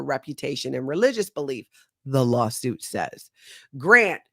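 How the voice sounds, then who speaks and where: A woman's voice: sits low, no room sound, studio quality. Chatty woman hosting a livestream. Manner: chatty, animated storytelling. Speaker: host. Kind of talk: livestream commentary.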